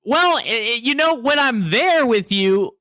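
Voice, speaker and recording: A man's voice: very high voice, animated, a little slow, pushed and bright, no room sound. A man co-hosting a casual hockey podcast, laid-back and self-mocking, with the odd swear. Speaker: podcast co-host.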